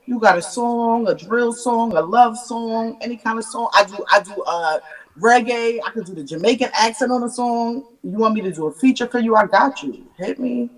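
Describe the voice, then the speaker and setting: A woman's voice: a little high, normal speed. A woman who is a battle rapper, speaking as a guest in a casual interview. She has a laid-back manner and laughs easily. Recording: distant mic with faint noise.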